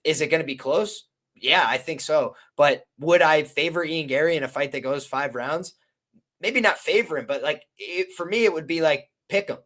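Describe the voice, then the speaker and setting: Man reasoning through fight picks. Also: on the high side. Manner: measured, reasoning out loud. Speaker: guest betting analyst. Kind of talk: casual fight-betting chat.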